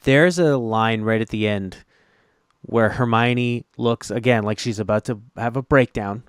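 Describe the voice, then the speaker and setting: A man's voice: medium pitch, unhurried, smooth, no echo, clean studio sound. A man co-hosting a casual film review chat, blunt and profane, laughing easily.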